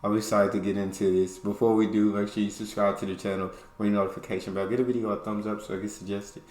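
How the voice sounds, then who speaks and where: A man's voice: lowish voice, little pitch movement, echoey room. A man hosting a reaction video, talking casually and reacting to clips. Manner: loud hype intro, then quick casual asides.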